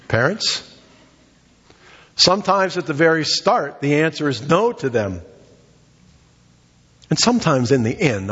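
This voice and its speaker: A middle-aged man preaches a sermon with a lively, rising and falling delivery. His voice is slightly husky and sits fairly high. The recording is muffled and carries a long hall reverb. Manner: emphatic preaching that rises high on exhortations and drops low for asides. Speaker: pastor.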